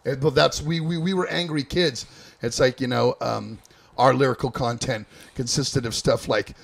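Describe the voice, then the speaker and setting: A man's voice: medium pitch, steady tone, moderate pace, vocal fry. A middle-aged man hosting an interview, speaking eagerly and often stumbling over his words. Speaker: host, thrash metal musician.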